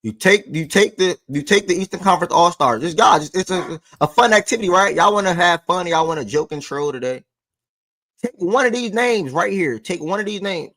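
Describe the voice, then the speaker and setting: A young man in his twenties hosts a loose sports talk show and swings his voice up and down with lots of life. His tone is a bit high for a man, with a gravelly edge, and he swears freely while he talks to his viewers. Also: expressive, brisk, a bit bright, dry recording, clean studio sound. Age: 20s.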